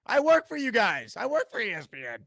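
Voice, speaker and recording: Male call-in host, bright forceful voice, dry close sound, likes to tease. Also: very high voice, huge pitch swings, fairly quick, vocal fry, no echo. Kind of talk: live call-in show.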